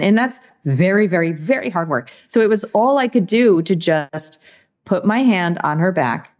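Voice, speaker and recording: A woman's voice: lowish voice, lively intonation, normal speed, darkish tone, dull audio. A woman speaking as an interview guest, talking in an earnest, reflective way with many "you know"s and "right"s. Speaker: guest, author. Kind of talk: casual interview talk.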